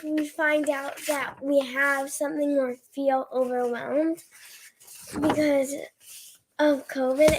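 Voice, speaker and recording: A woman taking part in a casual group video chat, speaking hesitantly in halting bits. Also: high voice, slight background noise. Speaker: participant.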